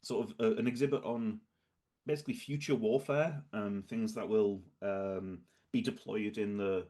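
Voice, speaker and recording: A slightly low-voiced man narrates a tabletop game as its game master. He feels his way through each description, stopping and restarting often and leaning on filler words as he builds the scene for his players. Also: fairly even intonation, normal speed, warm tone. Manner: hesitant, rambling with many fillers.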